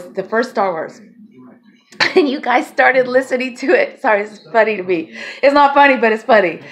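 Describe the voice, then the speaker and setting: A woman rambling to her camera in a casual vlog, her voice sitting a little on the high side. She is chatty, laughs a lot between thoughts and swears without a second thought. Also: a bit bright. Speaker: vlogger.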